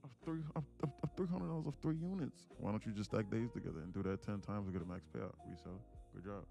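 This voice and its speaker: A man's voice: fairly low pitch, quick pace, gravelly, dark tone, soft background music. A man hosting a live trading stream, giving blunt, informal coaching to viewers. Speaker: day-trading livestream host.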